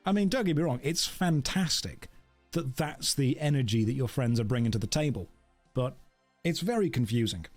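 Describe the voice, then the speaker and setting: A man's voice: medium pitch, expressive, normal speed, faint music behind. A man chatting casually and jokingly on a game livestream, talking to his dog and to viewers. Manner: chatty, jokey, talks to his dog and chat. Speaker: streamer. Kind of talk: casual livestream chat while gaming.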